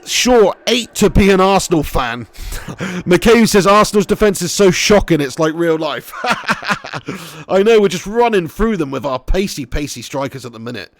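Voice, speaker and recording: Excitable, high-voiced man streaming. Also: gravelly, dry recording. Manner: excitable, swears freely, shouts at goals. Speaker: streamer playing a football career mode. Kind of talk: live gaming commentary and chat reading.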